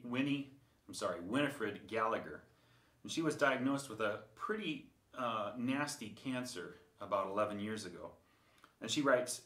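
A man's voice: mid-range voice, fairly bright tone, reverberant. A man giving a conversational sermon with dry humor and frequent filler words. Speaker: preacher.

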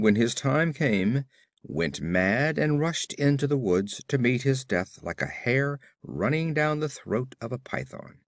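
A man voicing a gruff, brawny barbarian warrior who talks in curt growls, read as an audiobook character. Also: mid-range voice, dry recording, clean studio sound.

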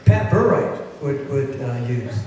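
A man hosting a party and speaking to the audience, halting with frequent fillers. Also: medium pitch, big pitch swings, very noisy. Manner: halting, with many fillers and restarts. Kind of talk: casual speech to an audience. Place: party venue with a live audience. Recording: echoey hall from far off, crowd behind.

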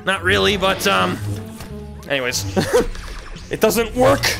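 Excitable young man, lively gaming commentary. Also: high-pitched, slow pace, vocal fry, over music. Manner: excitable and playful, yelling and laughing at the game. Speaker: gaming YouTuber. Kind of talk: VR gameplay commentary.

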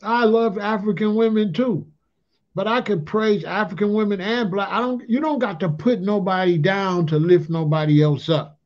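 A man's voice: high-pitched, moderate pace. Streetwise man ranting, lo-fi sound. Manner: loose streetwise slang, repeats "allegedly" and "you know what I'm saying". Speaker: commentator on a talk channel. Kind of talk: casual ranting monologue. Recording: dull lo-fi sound.

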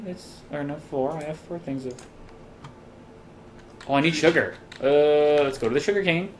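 A tipsy gamer giving casual commentary while playing, excitable and profane, breaking into loud exclamations and silly sound effects. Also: mid-range voice, measured pace, long pauses, a little hiss or hum. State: tipsy from drinking. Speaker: let's play gamer.

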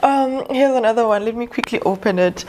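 A woman's voice: a little high, brisk, darkish tone, slight background noise. A young South African woman chatting casually in an unboxing vlog, gushing and emotional with gratitude. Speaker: vlogger.

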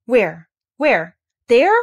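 A woman's voice: a little high, lively intonation, brisk, slightly rough. A woman reading aloud and voicing a frail young boy in a wheelchair, gasping out eager, breathless questions.

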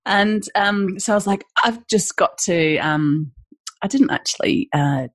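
A woman from northeast England with a northeast English accent, chatting as a podcast guest and telling her story in a lively way. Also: mid-range voice, measured pace, no echo. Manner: chatty, storytelling, animated when excited. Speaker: guest, small food business owner. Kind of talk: casual conversational interview.

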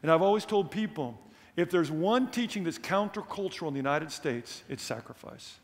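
A man's voice: fairly high pitch, expressive, moderate pace, long reverb tail. A man preaching a missions sermon in a church, emphatic, with humorous asides and rising questions.

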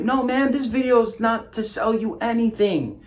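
A man's voice: very high-pitched, normal speed. A man giving a punchy, emphatic motivational talk to camera as a business coach, repeating phrases and swearing casually. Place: indoor office with a whiteboard. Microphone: camera mic.

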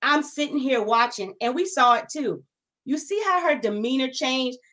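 A woman's voice: high-pitched, moderate pace. A woman co-hosting a casual podcast, talking emphatically and with exasperation about a reality show. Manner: animated, emphatic, exasperated commentary. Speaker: podcast co-host.

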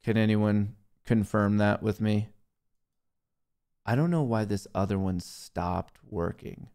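A man's voice: fairly low pitch, slow pace, warm tone, clean tone. A young man hosting a live trading stream, talking casually to himself and his viewers, muttering and swearing at the market. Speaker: livestream host, day trader.

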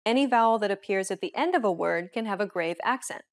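A woman's voice: mid-range voice, expressive, fast. Woman hosting a scripted language lesson.

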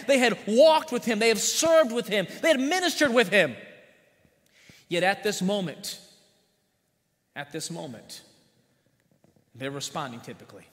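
A man preaching a sermon as pastor, repeating phrases in a steady cadence, sometimes rising loud and sometimes dropping quiet. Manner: swings from loud emphatic lines to quiet low-voiced ones. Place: church sanctuary. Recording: reverberant church sanctuary.

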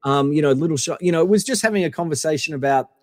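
A man's voice: on the high side, racing, darkish tone, no echo, clean studio sound, in a large hall. A man telling a long casual story as a podcast guest, full of fillers and acted-out quotes.

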